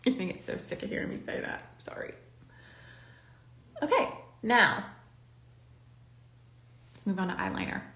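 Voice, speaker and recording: A woman's voice: mid-range voice, animated, measured pace, pauses often, roomy sound, noisy background. A woman hosting a makeup tutorial, chatting and coaching the viewer while she does her own makeup. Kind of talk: talking while doing her makeup on camera.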